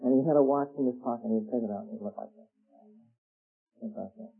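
An older man preaching a radio sermon, telling a story and acting out its characters with sudden high jumps in pitch. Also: quick pace, husky. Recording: tinny phone-like radio broadcast.

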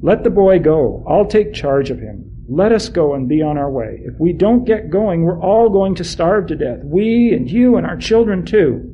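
A man's voice: sits high, lively intonation, moderate pace, few pauses, mellow, dull audio, slight background noise, pitched above the performer's own voice. A man voicing an earnest grown son who presses his father firmly. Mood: pleading.

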